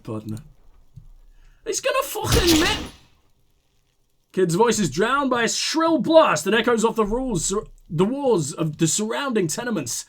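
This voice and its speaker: A man's voice: high voice, fairly bright tone. A man hosting a game playthrough, reading the game's text aloud with commentary, stumbling and correcting himself as he goes. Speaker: let's play host.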